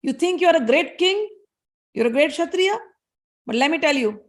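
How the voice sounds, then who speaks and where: A proud, furious older warrior-sage, as a woman storyteller puts him on hurls accusations in a high, gravelly voice. His scolding comes in rising bursts, stern and threatening. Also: a little slow. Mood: angry.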